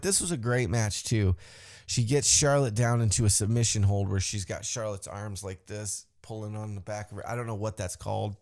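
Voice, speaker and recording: A man hosting a podcast, recapping a wrestling show in a casual, profane way and acting out the wrestlers' lines in a higher voice. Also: a little mellow, no room sound, clean studio sound. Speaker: podcast host.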